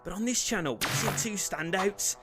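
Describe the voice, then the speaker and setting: Lad, high voice, shouty game commentary with cheeky jokes, faint music underneath. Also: male voice, normal speed. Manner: loud outbursts, cheeky banter. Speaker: gaming YouTuber.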